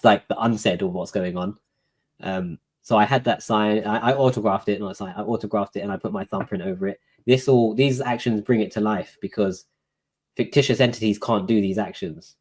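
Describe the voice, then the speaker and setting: Low-voiced man telling a story casually. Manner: relaxed, filler-heavy, recounting a court dialogue. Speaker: guest.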